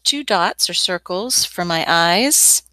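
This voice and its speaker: Cheerful art teacher woman, crisp dry voice. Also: on the low side, lively intonation, slow, sharp tone, no room sound. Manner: chatty, encouraging, playful asides. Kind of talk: step-by-step drawing lesson.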